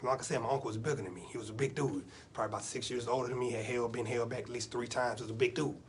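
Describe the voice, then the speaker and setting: A man doing live comedy storytelling, animated and repeating himself for effect. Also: medium pitch, rapid-fire, a little hiss or hum. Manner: animated, vernacular storytelling with repetition. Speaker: stand-up comedian.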